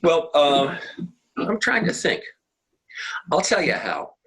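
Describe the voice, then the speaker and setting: An older man with a husky, slightly breathy voice recounts his past in a relaxed, meandering way. He restarts sentences often and drifts from one anecdote to the next, chatting as an interview guest. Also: a little high, slow pace, poor audio. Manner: rambling, anecdotal, many restarts. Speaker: guest musician. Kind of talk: casual interview storytelling. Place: home, video call.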